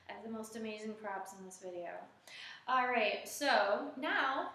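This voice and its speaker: A woman music teacher talks through a casual lesson demo in a fairly high voice, chatty and full of fillers. She breaks into short sung solfege patterns now and then. The room around her is very echoey. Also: animated, normal speed, fairly bright tone.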